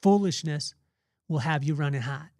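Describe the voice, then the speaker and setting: A man's voice: fairly high pitch, normal speed, darkish tone, dry recording, studio quality. A man hosting a podcast, giving an earnest, rambling devotional talk that often circles back and restarts his phrases. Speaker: podcast host.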